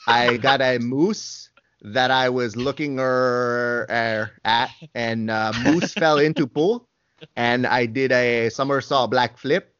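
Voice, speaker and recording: A man voicing a goofy French-Canadian male fighter, halting and full of hesitations, with a put-on French-Canadian accent. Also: medium pitch, fairly even intonation, fairly bright tone, clear, resonant tone, dry recording, dull audio.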